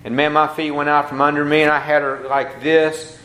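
Male pastor, high pitch, emphatic sermon delivery that swings from hushed to loud, roomy church sound. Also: little pitch movement, a little fast, background noise.

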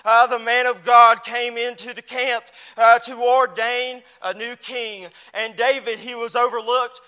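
A man preaching a fiery sermon, his chanted cadence swelling into shouts. His voice sits very high and carries a bright, ringing edge. The church hall around him holds a long reverb. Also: flat delivery, unhurried, smooth.

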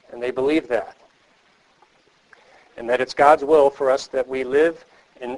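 In a low-quality recording, a medium-pitched man gives an earnest, emphatic teaching lecture to counselors, repeating key phrases and posing rhetorical questions to the class.

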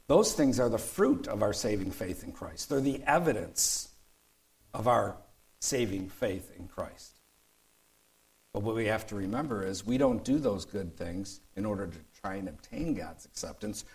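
A man's voice: on the low side, darkish tone, rough recording. A male pastor preaching a sermon, emphatic, repeating his key points and reading scripture aloud.

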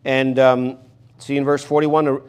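A man's voice: medium pitch, flat delivery, a little slow, clear, resonant tone. A man preaching an expository sermon, earnest and emphatic, repeating key phrases for stress.

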